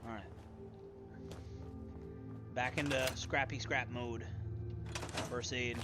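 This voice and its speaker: A man's voice: medium pitch, fairly even intonation, takes it slowly, over loud music. A young man streaming a game, rambling and swearing casually as he plays. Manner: rambling, profane, muttering to himself. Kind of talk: casual gameplay commentary.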